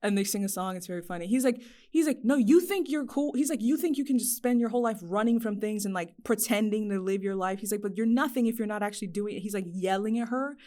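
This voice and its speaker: A woman's voice: medium pitch, fast, few pauses. A woman co-hosting a casual podcast chat, eagerly retelling a movie plot and acting out the characters' lines. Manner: excited, recaps plots while acting out characters' quotes. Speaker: podcast co-host.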